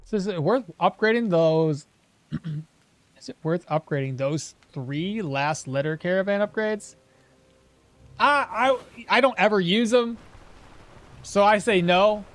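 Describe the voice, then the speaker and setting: A man's voice: sits high, measured pace, long pauses. A man streaming a game, talking casually and rambling to his viewers, often correcting himself mid-sentence. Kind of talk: casual gameplay commentary.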